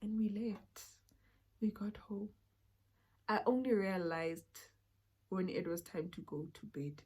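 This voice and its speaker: A young woman with a South African accent telling a personal story in a casual, animated way, sometimes dropping to a whisper. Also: medium pitch, takes it slowly, husky. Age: young adult. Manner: animated, drops to a whisper for asides. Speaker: vlogger.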